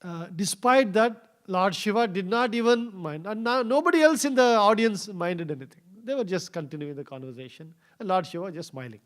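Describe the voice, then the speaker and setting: A man giving a scripture class in a temple, telling a story with many fillers and pauses. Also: high voice, expressive. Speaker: scripture speaker. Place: temple hall.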